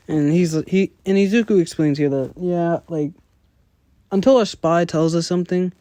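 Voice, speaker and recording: Very dark-voiced man, rambling recap. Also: a little high, moderate pace, no room sound. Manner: rambling, full of "like" and "you know", slangy. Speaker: commentator retelling a story. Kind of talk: casual spoken recap.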